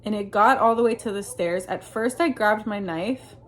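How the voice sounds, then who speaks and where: A woman talks straight to her audience, earnestly recounting a personal experience in a rambling, unscripted way. Her speech is full of fillers and restarts and leans on Christian religious phrasing. Her voice sits at an ordinary middle pitch. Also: normal speed, a little hiss or hum. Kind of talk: casual storytelling monologue.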